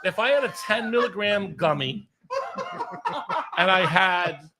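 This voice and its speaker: A man's voice: high voice, expressive, a little slow, very noisy. A tipsy man rambling in rowdy podcast banter, repeating himself and getting interrupted.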